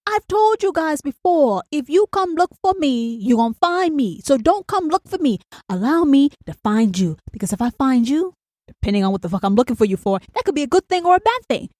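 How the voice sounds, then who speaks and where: A woman's voice: high voice, sing-song, brisk, a little mellow, dry recording, studio quality. A woman hosting a solo podcast, talking bluntly and profanely and hammering her points home with "do you understand?". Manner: acts out an inner angel and demon in quoted voices. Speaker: podcast host.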